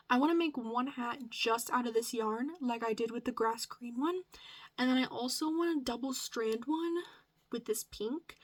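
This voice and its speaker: A young woman from the Midwest chatting casually in a crochet vlog, gushing, swearing freely, and sometimes dropping into a whisper, her voice cracking. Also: on the high side. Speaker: crochet vlogger. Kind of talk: casual chat.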